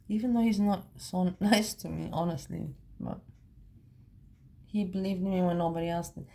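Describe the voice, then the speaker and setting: A woman's voice: fairly low pitch, fairly even intonation, normal speed, vocal fry, a little mellow. A woman from Europe chatting casually as a vlogger, laughing often and repeating herself for emphasis. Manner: giggly, laughs often between remarks. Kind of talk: casual chat.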